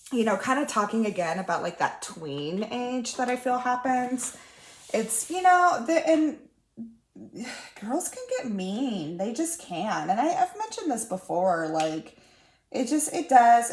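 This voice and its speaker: A woman in her thirties chatting casually about her week while crafting at home, full of fillers and little laughs. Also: a little high. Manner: chatty, warm-hearted storytelling with laughs and fillers. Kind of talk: casual chat. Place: room at home. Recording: roomy echo.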